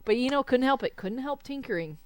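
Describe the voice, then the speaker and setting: A woman who is a guest musician, telling lively anecdotes in a casual podcast chat. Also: high voice, fairly quick. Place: basement studio.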